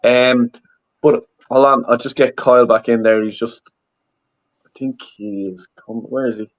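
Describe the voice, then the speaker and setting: A man's voice: medium pitch, steady tone, moderate pace. A man hosting a casual football reaction live stream, blunt and swearing freely. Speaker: streamer host.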